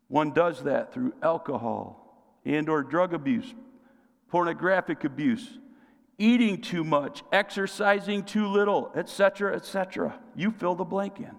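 A male pastor preaches to his congregation in a slightly high, gravelly voice, tossing out questions and calling for them to answer back. His words ring out with the long reverb of a large church sanctuary. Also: measured pace. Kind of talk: sermon.

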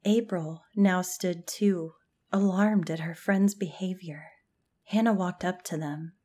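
A woman telling a scary campfire story as scripted narration, in a hushed voice that often drops to a whisper. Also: on the low side, slow.

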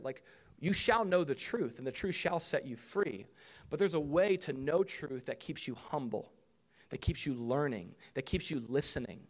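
A man in his thirties preaching a sermon as a pastor, talking conversationally and acting out quoted voices with big jumps in pitch.

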